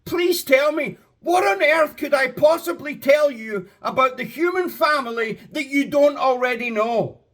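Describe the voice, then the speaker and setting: Preacher, male, very high voice, slow impassioned delivery that swells to shouting. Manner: slow, drawn-out emphasis. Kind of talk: sermon.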